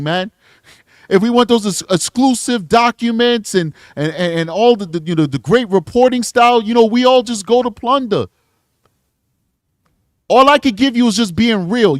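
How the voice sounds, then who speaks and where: A man's voice: high-pitched, no echo, studio quality. A man hosting a true crime livestream, a detective talking bluntly and earnestly, sometimes getting emotional.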